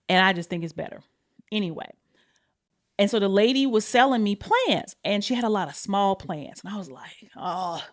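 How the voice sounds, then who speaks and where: A woman hosts her own podcast in a loose, candid, confessional style, speaking directly to listeners she calls y'all and swearing without hesitation. Her pitch and pace swing widely as she talks.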